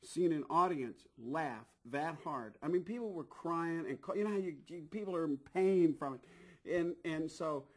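A middle-aged man telling a long anecdote in an interview, animated, acting out what people said, with frequent restarts. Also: on the high side, moderate pace. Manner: animated, acts out quoted voices, frequent restarts. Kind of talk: anecdotal storytelling.

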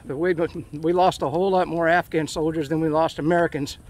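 A man's voice: a little high, steady tone, fairly quick, darkish tone. Rambling middle-aged man ranting outdoors. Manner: emotional, ranting, with frequent fillers. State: hot and sweaty from walking. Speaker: vlogger. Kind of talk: casual walking vlog. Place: outdoors in a park, walking.

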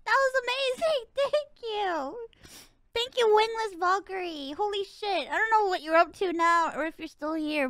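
Woman streamer, live reaction, very high bright voice, dry close sound. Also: moderate pace, dry recording, soft background music. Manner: emotional, exclamatory reacting.

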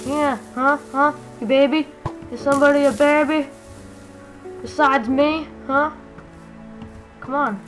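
High-voiced woman teasing strangers. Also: poor audio. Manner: goofy, teasing, jokes at strangers then takes it back. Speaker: gaming YouTuber. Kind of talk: casual gameplay commentary.

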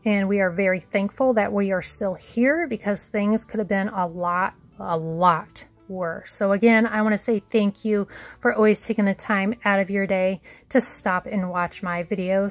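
A shopping haul vlogger from Indiana, USA chats casually to her viewers and tells a story in a folksy way. She has a mid-range voice with fairly even intonation and a moderate pace. There's no room sound, just faint music in the background.

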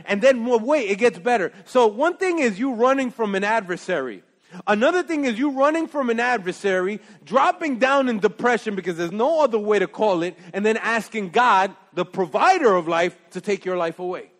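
High-voiced, animated male preacher. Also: normal speed. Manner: animated, emphatic, swings from loud to hushed. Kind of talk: sermon. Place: church sanctuary. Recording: long hall reverb.

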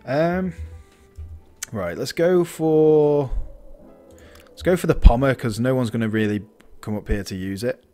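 A man's voice: mid-range voice, measured pace, mellow, soft background music. A man talking through a building game in casual let's-play commentary, thinking aloud and restarting his sentences. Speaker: gaming channel host.

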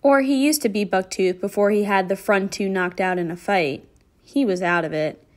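A woman teacher reads a novel aloud for her class in an expressive storybook manner. Her voice sits at an ordinary middle pitch. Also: normal speed. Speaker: middle school English teacher.

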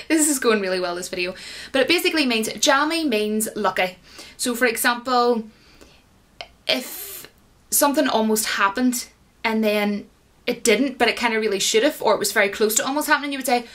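A woman's voice: fairly high pitch, brisk, fairly bright tone. A young woman with an Irish accent, chatting casually as she explains slang to her viewers, giggling and rambling. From Ireland. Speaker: YouTuber.

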